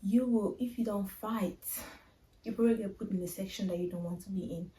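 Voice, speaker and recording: A young woman shares a personal story on her vlog, confiding and emotional, talking straight to her viewers. Her voice is mellow and a bit dark, and she sits a little back from the microphone. The room around her is echoey. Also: mid-range voice, steady tone, brisk, distant mic, slight background noise. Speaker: vlogger.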